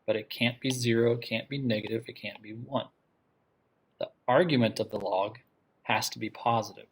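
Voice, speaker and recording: A husky male voice, mid-range and steady, carries a classroom math lecture at moderate speed. The teacher moves step by step, stops often with "okay?" to see that everyone follows, asks the class questions and returns to the key ideas.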